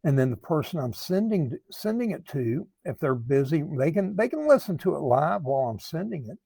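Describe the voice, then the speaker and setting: An earnest man talks as a recovery coach, taking his time and restarting phrases as he thinks. His voice is mellow and gravelly with a husky edge. The sound is dry and close. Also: a little high, very animated, no room sound. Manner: slow, earnest, repeats words while thinking. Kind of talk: talking to camera, advice monologue.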